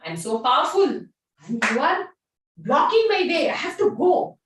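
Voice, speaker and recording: A woman's voice: high voice, sing-song, normal speed, background noise, pitched above the performer's own voice. A woman playing a proud, arrogant young male warrior who boasts and gives commands. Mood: commanding. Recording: very echoey room, far from mic.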